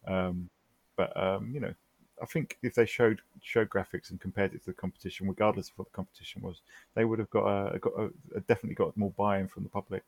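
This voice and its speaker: A man co-hosts a podcast in casual chat, emphatic and full of exasperated rhetorical questions. His voice sits low with a gravelly, husky edge. It sounds dry and close. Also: fairly even intonation, quick pace, no echo. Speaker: podcast co-host.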